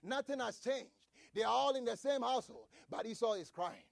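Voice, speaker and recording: A man preaching a sermon, reading scripture and repeating key phrases with shouted emphasis. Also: very high voice, fairly quick, creaky, no echo, clean studio sound.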